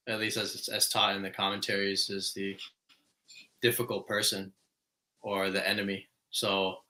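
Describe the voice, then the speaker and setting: A man co-hosting a talk about meditation, explaining teachings in a measured, teacherly way. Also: fairly low pitch, bright, forceful tone. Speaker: podcast co-host. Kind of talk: casual spiritual discussion.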